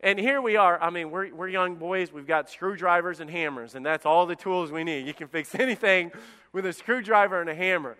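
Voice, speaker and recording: Pastor, male, preaching with a high, clear voice; long church-hall reverb. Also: brisk. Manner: animated preaching, acting out voices of David and God. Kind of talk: sermon.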